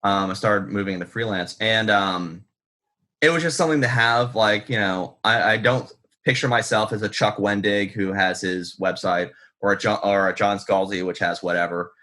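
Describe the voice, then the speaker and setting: An American guest author with a lowish, bright, forceful voice speaks at a moderate pace. In the interview he tells stories casually, rambling and profane, making fun of himself and filling gaps with ums.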